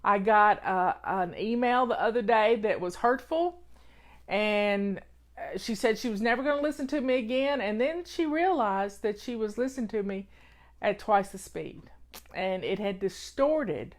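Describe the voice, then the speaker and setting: A woman's voice: mid-range voice, a little slow. A woman with a Southern accent, hosting a live stream and giving folksy, motherly advice in casual chat. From Southern United States. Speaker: host of a home-organizing live show.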